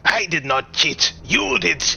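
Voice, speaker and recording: A man's voice: a little high, expressive, slow, creaky, sharp tone, a little hiss or hum, pitched above the performer's own voice, full character voice. A man voicing a petty male lesser devil who protests that he did not cheat. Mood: indignant.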